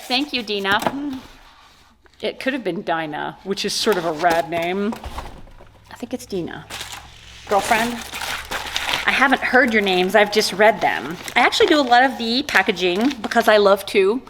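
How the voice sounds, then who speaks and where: Over a noisy background, an American woman speaks at normal speed in a mid-range voice while unboxing gifts for her vlog. The small business owner chats casually and exclaims with delight, her audio captured by the microphone on her camera.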